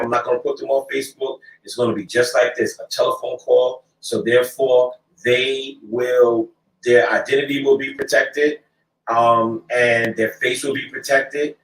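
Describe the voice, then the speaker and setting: A man's voice: medium pitch, a bit bright, reverberant, recorded from a distance, low-quality recording. A man speaking emphatically to listeners, repeating phrases and using many fillers. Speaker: clergyman speaking out. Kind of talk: speech to a crowd.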